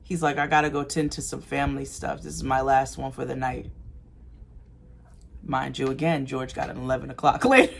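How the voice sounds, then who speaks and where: Animated male podcast storyteller. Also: mid-range voice, brisk, creaky. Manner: animated storyteller acting out quoted voices, bursts of loud laughter. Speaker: podcast co-host.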